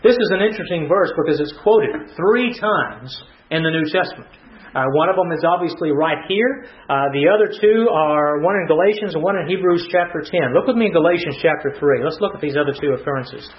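Man, preacher, verse-by-verse sermon, higher voice, echoey dull recording. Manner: teaching verse by verse, with repeated phrases and fillers. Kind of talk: expository sermon.

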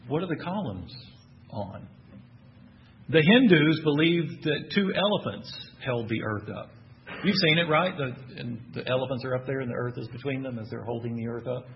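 A man's voice: medium pitch, normal speed. Texan guy preaching, middle voice, quizzing the crowd, kinda muffled lo-fi recording w faint room noise. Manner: asks the audience questions, animated and emphatic. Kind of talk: sermon.

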